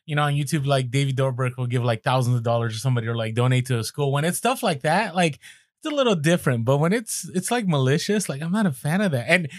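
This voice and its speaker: A man co-hosting a podcast, talking casually in an animated, slangy way with many fillers. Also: mid-range voice, fast, dry recording, studio quality. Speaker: podcast co-host.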